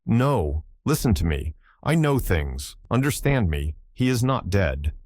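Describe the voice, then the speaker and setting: A man voicing a hoarse, rough-spoken sailor who talks in halting, broken phrases and keeps begging to be understood. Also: lowish voice, big pitch swings, darkish tone, no room sound, studio quality, full character voice. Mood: insistent. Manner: repeats himself, pleads to be understood. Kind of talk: audiobook character voice.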